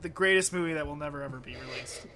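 A man's voice: a little high, fast talker, noisy background. A man co-hosting a casual comedy podcast, giggly and crude as he riffs on jokes. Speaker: podcast co-host.

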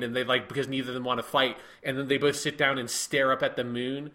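A man's voice: medium pitch, level tone, fast talker, pushed and bright. A man in casual conversation about a film, thoughtful and rambling, with frequent restarts. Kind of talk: casual chat, film discussion.

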